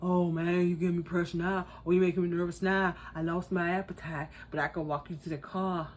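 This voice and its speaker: A woman mimicking a nervous, awkward young man on a date, speaking low and mumbling. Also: flat delivery, fairly quick, lightly acted. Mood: flustered.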